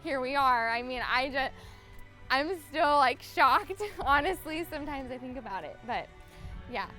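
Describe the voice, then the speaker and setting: Young woman, bride-to-be, bubbly, giggly, slightly high voice, faint music behind. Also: lively intonation, unhurried, sharp tone. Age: young adult. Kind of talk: wedding video interview.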